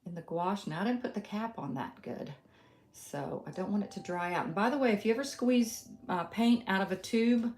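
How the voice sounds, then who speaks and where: A middle-aged woman from Western North Carolina with a Southern accent, teaching a casual live painting tutorial, thinking aloud with many ums and soft laughs. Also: medium pitch, normal speed, a little hiss or hum. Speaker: art instructor. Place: home art studio. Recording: roomy studio with guitar music behind.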